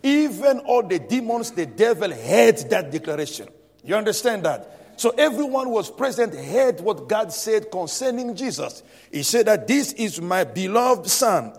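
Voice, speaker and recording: A man preaching a sermon in a church, his voice sitting a touch higher than most men's. He drives his points home with repetition and calls to the congregation. The sound rings out with a long, hall-like reverb. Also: big pitch swings, moderate pace, a little mellow. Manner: emphatic preaching with repeated "Amen" and call-and-response. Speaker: pastor.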